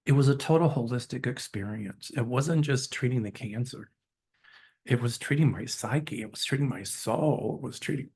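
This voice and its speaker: A psychic from the Chicago area, US, hosts his own channel, earnestly and candidly retelling a personal story with open emotion. His medium-pitched voice is a little mellow and slightly rough.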